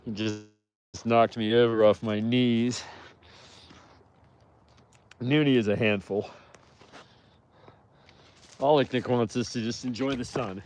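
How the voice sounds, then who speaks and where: A man's voice: mid-range voice, fairly even intonation, slow pace, pauses often, darkish tone, a little hiss or hum. A man who cares for wolves at a sanctuary, chatting casually and affectionately while walking among them outdoors and answering viewer questions. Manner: affectionate, cooing at the animals. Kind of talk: casual live walk-and-talk. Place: outdoors in a wolf enclosure.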